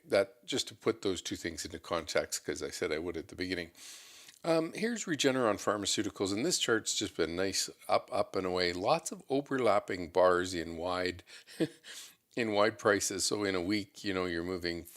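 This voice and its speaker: A man hosting a market show, giving relaxed, unscripted commentary on stock charts as he thinks aloud. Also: deep voice. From Canada. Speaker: market analyst host.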